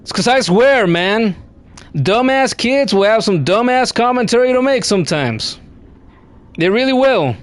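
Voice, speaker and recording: Sarcastic high-voiced young male streamer. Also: expressive, moderate pace, no room sound. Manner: sarcastic, profane, talks to chat. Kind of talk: casual gaming stream commentary.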